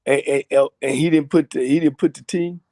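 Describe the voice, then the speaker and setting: A man's voice: a little high, steady tone, a little fast, dark tone, dry recording, clean studio sound. A man, a coach guesting on a video call, laid-back with short plain answers. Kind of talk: casual sports chat.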